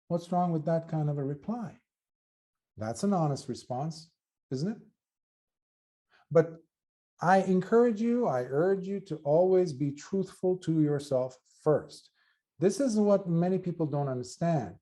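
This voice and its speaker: A man with a fairly high, very lively voice gives a dharma talk as a Buddhist monk teacher. His tone is warm and mellow, and he speaks earnestly. He sometimes restarts a phrase while he searches for the right words. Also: moderate pace. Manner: animated, earnest, acts out quoted voices.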